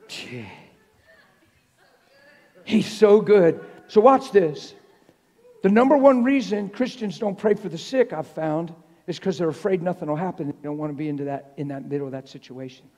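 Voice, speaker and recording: A man preaching a sermon to a congregation, telling stories in an animated way that drops to a hush and rises to shouts. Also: high voice. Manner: animated, swings from hushed to shouting. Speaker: traveling preacher. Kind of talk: sermon with storytelling. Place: church sanctuary. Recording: live church hall reverb.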